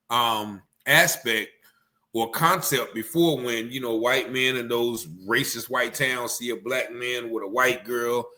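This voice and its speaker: A man giving casual commentary, animated and rambling, often acting out what people said. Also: mid-range voice. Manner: animated, rambling, acts out quotes.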